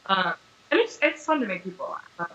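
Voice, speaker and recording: A young woman being interviewed as an actress, chatting casually and telling animated stories full of fillers. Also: mid-range voice, fairly quick, highs cut off.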